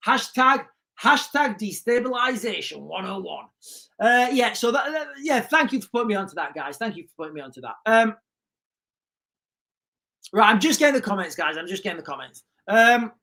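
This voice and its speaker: A woman's voice: medium pitch, animated, moderate pace, fairly bright tone. A woman hosting a livestream, reading viewer comments aloud and answering them in a sarcastic, emphatic way, often repeating her key lines. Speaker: livestream host.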